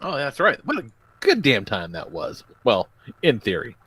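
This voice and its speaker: A man's voice: mid-range voice, wildly swooping pitch, normal speed, fairly bright tone, slightly rough, no echo. A man co-hosting a podcast, laid-back and wry, swearing freely in casual chat. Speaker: podcast co-host.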